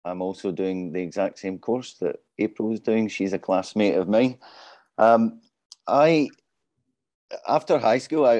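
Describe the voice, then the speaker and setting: A man's voice: lowish voice, a little mellow, dry recording. A man in his forties speaking as a panelist in casual panel talk, modest and self-deprecating. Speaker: panelist, business development lead.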